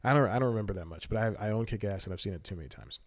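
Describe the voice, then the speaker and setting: Rambling low-voiced male podcast host. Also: very fast, no room sound, studio quality. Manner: rambling, self-correcting, laughs often. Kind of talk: casual comedic commentary.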